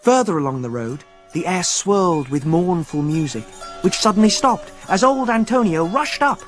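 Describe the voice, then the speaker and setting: A man's voice: high voice, lively intonation, normal speed, soft background music. Man narrating a children's audiobook.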